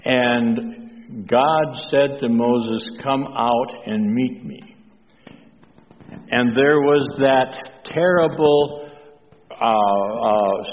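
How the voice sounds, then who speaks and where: A man preaching a sermon with a slow, halting delivery full of pauses, asking the congregation questions. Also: medium pitch. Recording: distant, dull echoey hall with faint noise.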